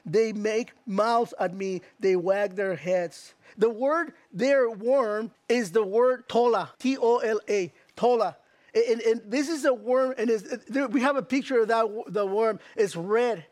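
A man preaching a sermon as pastor, reading scripture slowly and asking the listeners direct questions. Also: sits high, a little mellow, no room sound. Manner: emphatic, slows down to read scripture, asks the crowd direct questions.

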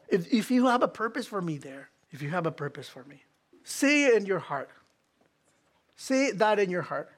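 A fairly high-pitched man preaches a church sermon as its pastor. He talks earnestly, repeats his key lines, and trips into small restarts as he goes. His delivery stays sincere and direct. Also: big pitch swings, normal speed. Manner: earnest, repetitive preaching with restarts and acted quotes. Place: church hall.

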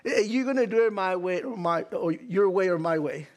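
A man's voice: high voice, moderate pace, lightly acted. A male preacher voicing God as a firm, fatherly man who gives ultimatums with a teasing edge.

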